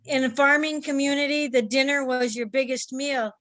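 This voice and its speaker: A woman joins a church study group discussion and explains things plainly and directly. Her voice is somewhat high, and the recording is dry and close. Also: fairly even intonation, normal speed, fairly bright tone, dry recording.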